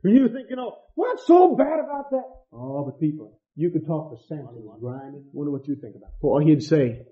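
A man preaching a sermon with passion, swinging between loud outbursts and hushed asides. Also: on the high side, expressive, a little fast. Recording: dull lo-fi sound.

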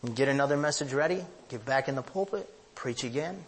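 A pastor from the northern United States preaches a sermon, emphatic and confessional, telling personal anecdotes with sweeping pitch rises and big vocal swings. His intonation is lively and his pace brisk, with a little hiss or hum in the recording.

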